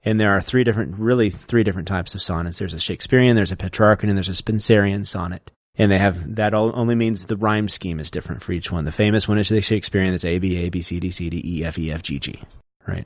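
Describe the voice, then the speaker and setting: A man's voice: on the low side, no room sound, clean studio sound. A man who teaches, explaining things step by step as a podcast co-host in casual chat.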